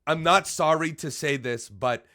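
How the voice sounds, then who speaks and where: Man, high voice, bright, angry ranting commentary, profane, stammering, mutters and shouts. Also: unhurried. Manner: profane, heated, jumps between muttering and shouting; stammering restarts when agitated. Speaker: commentator reacting to an article.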